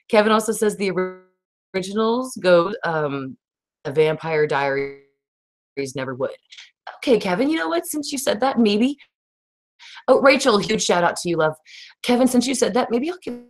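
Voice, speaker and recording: A woman, hosting a casual livestream chat, rambling and reading out viewer comments in a raspy voice. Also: medium pitch, sing-song, moderate pace. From Texas. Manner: rambling, laughs often, reads viewer comments. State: raspy today. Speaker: livestream host.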